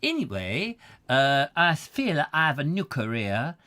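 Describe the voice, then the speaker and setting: Lively, jokey chat show host man. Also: on the high side, unhurried. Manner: jokey, rambling, theatrical sign-off. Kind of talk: live-streamed comic chat.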